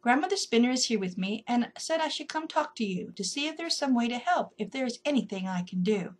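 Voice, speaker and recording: A woman's voice: on the high side, expressive, brisk. A woman voicing a polite, curious young male rabbit who speaks eagerly. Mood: earnest.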